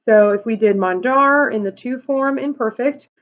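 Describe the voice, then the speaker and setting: A woman teacher talks through a recorded lesson in a fairly high voice. She explains patiently, step by step, with frequent "okay" and "um". The sound is a little dull and lo-fi. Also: moderate pace. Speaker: Spanish teacher. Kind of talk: recorded classroom lesson video.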